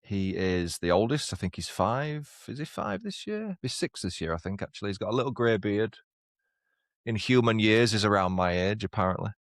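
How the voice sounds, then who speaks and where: A man's voice: on the low side, expressive, moderate pace, no room sound, clean studio sound. A man co-hosting a podcast in casual chat, who often laughs at his own jokes. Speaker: podcast co-host. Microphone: lapel mic on walks, studio mic here.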